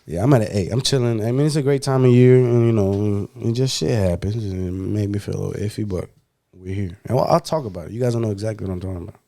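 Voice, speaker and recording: Man, podcast co-host, slangy and loose, mellow dark tone. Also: on the low side, fast talker. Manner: laid-back, slangy, swears freely. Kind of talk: casual chat.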